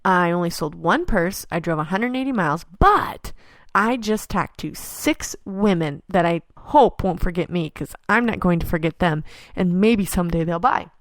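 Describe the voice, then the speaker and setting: Casting: woman podcast host in her thirties, lowish voice, dry close sound, upbeat storyteller. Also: expressive, normal speed, no room sound. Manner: upbeat, acts out quoted voices. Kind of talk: casual storytelling monologue.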